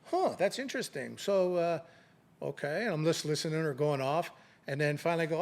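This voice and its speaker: A middle-aged man with a gravelly, somewhat high voice recounts an old work story in a relaxed interview. He slips into the voices of the people involved as he goes, and his delivery is animated and conversational. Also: a little fast. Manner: animated anecdote telling, acting out quoted voices. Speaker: retired police sergeant, guest.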